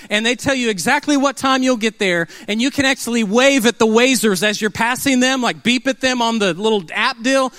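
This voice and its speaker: Middle-aged pastor, man, high voice, dry close sound, chatty storytelling sermon with humor. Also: a bit bright, no echo. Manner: conversational, humorous storytelling with call-and-response.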